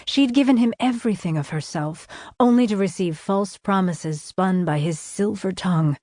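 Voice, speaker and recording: A woman narrates a historical romance audiobook in a measured, expressive storytelling voice. She speaks at an ordinary middle pitch. The studio sound is dry and close. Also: dry recording.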